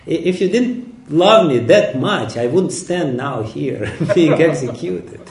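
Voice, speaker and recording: A man's voice: on the high side, animated, takes it slowly, creaky, darkish tone, heavily acted. A man voicing a spoiled young man condemned to death, speaking bitterly and reproachfully in an echoey room.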